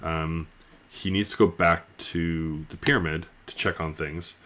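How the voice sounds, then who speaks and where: A man's voice: deep voice, fairly even intonation, a little slow, sharp tone, a little hiss or hum. A man giving a casual spoken book review, talking in a loose, rambling way with lots of fillers.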